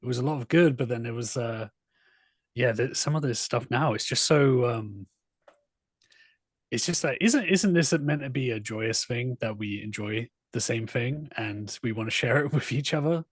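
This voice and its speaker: A man's voice: medium pitch, normal speed, breathy edge, no echo. A man co-hosting a movie podcast, talking thoughtfully and hesitantly with many ums. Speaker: podcast co-host. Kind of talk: casual reflective chat.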